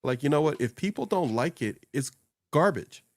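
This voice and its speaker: A man's voice: a little high, lively intonation, moderate pace, dry recording, studio quality. A man hosting a casual chat, coaching on social media in a loose, rambling way and laughing often.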